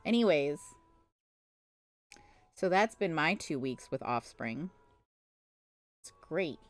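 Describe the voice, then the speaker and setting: A woman's voice: deep voice, animated, takes it slowly. A woman at home, chatting on a live stream with exasperated, playful storytelling and teasing. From Canada. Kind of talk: casual live-stream chat.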